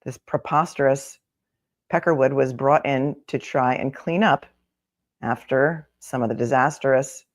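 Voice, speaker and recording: A woman's voice: rumbling low, a little mellow. Wry woman reading a column on a livestream. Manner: wry, with chatty asides between read passages. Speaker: attorney and live-stream commentator. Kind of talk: live-stream commentary, reading a column aloud.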